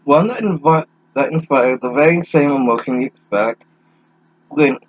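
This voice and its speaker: A man's voice: medium pitch, normal speed, highs cut off. A young man reading a fanfic aloud with sarcastic, profane asides, stumbling over words. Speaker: reader mocking a fanfic.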